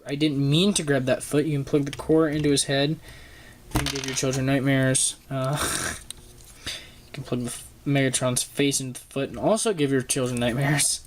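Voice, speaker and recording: A young man reviewing a toy at his desk in a casual, halting way, with frequent ums and uhs, filmed on the camera's own microphone. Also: mid-range voice, fairly even intonation, a little hiss or hum. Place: home desk filming a toy close up.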